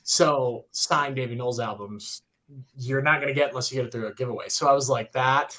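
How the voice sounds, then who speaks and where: A young man telling a story in a casual, excited way on a podcast livestream, full of fillers and acted-out quotes. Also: medium pitch, fairly quick. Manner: excited, animated retelling with many fillers. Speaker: podcast co-host.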